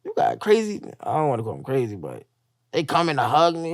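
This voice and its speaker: A man's voice: fairly high pitch, huge pitch swings, a little fast, darkish tone, no echo, studio quality. A man casually telling a raw personal story, profane, acting out the voices he quotes. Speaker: guest telling his story.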